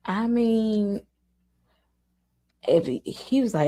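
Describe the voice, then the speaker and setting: A woman's voice: medium pitch, expressive, drawn-out words, long pauses, mellow. Woman co-host, mid-range voice, giggly and playful when she acts out quotes. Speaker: co-host reviewing a TV series. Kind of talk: casual review chat.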